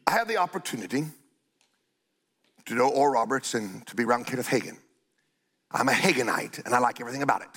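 An older man preaching a sermon in a blunt, scolding way, stretching out key phrases and breaking into shouts. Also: medium pitch, expressive, quick pace, long pauses, husky.

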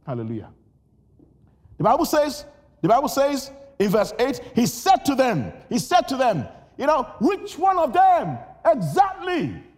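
This Nigerian-born man gives an animated sermon, shouting and echoing his own phrases with growing intensity as he shares personal stories. He speaks at a normal speed in a very high-pitched voice.

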